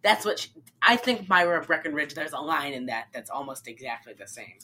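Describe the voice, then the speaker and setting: Bright, animated woman retelling a film. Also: sits low, fairly quick, husky. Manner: animated, acts out lines in funny voices, laughs often. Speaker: podcast co-host recapping a film. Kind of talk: casual chat.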